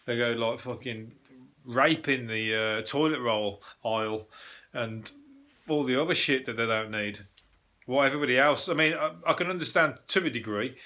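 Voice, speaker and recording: A man talks through odd news stories on his own show. His voice is bright and forward, and he rambles, swears freely and keeps breaking off to joke. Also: medium pitch, moderate pace. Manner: sweary, jokey rambling with frequent laughs. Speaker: podcast host. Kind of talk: casual solo news commentary.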